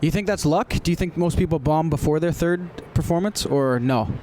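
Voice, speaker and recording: Male host, fairly high voice, quick agreeing, laughs easily, faint traffic. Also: darkish tone. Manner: brief affirmations, laughs readily. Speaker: podcast host. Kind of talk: casual interview chat. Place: outdoors on a busy city boulevard.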